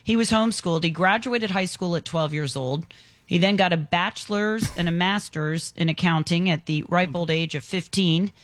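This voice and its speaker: A woman's voice: fairly low pitch, moderate pace, no room sound. A woman in her fifties, a news anchor reading local stories and chatting with co-hosts. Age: 50s. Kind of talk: morning news reading and banter.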